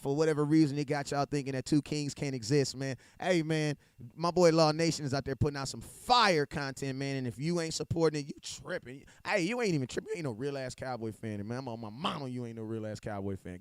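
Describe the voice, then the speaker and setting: Medium-pitched and smooth, his voice moves a little fast, with clean studio sound and no echo despite the home mic on the live stream. He's a podcast co-host and father of a young daughter, keeping the sports chat casual with loose slang and frequent laughter.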